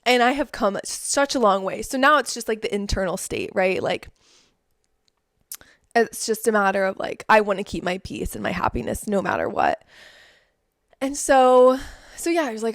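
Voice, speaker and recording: A woman's voice: fairly high pitch, very animated, normal speed, no echo, clean studio sound. A young woman from the Southern United States talking casually in a vlog, with lots of "like" and "um". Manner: chatty, peppered with "like" and "um". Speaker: vlogger.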